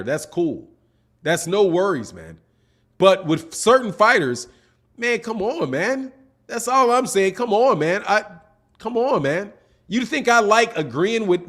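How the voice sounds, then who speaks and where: Boxing talk-show host, male, pitched high for a man, exasperated casual livestream ranter. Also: fairly bright tone. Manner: exasperated, ranting, peppers sentences with "man". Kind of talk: casual livestream commentary answering chat.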